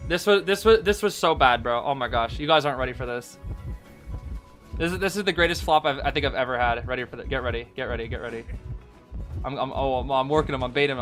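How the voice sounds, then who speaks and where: Excitable bright-voiced young man. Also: medium pitch. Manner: excitable, repeats words, calls listeners bro. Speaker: game streamer. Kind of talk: casual gameplay recap, answering chat.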